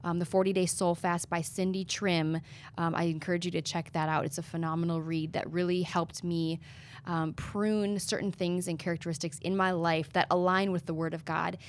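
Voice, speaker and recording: A woman's voice: lowish voice, flat delivery, normal speed, a little hiss or hum. Earnest young woman sharing her testimony. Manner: earnest, preacherly storytelling. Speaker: guest. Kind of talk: testimony in an interview.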